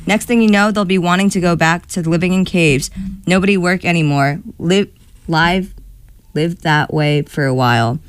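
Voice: medium pitch, moderate pace, smooth, dry recording, natural voice. A reader reading aloud and voicing a grumpy old man who snorts and grumbles about young folks. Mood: grumbling.

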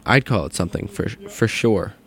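A man co-hosting a show, trading dry, deadpan quips in casual banter. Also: on the low side, normal speed.

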